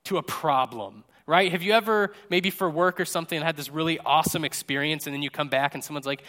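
Chatty joking male pastor, slightly high. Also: expressive, a little fast, a bit bright. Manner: chatty and jokey, tags lines with "right?". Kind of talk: casual conversational sermon. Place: church service. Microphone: microphone.

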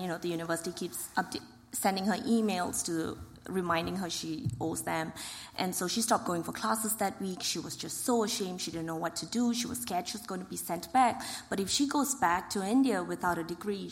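A woman calmly telling a church testimony in steady storytelling. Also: medium pitch. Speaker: ministry worker. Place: church hall. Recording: reverberant hall.

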